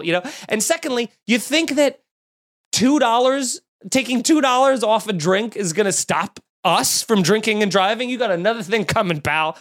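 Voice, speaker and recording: High-voiced man telling profane stories. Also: moderate pace. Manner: animated, profane, jokey anecdotes. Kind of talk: casual storytelling.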